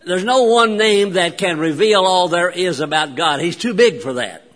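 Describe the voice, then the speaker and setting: Pastor preaching, high bright voice, long pauses, church echo. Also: male voice. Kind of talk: sermon. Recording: long church hall reverb.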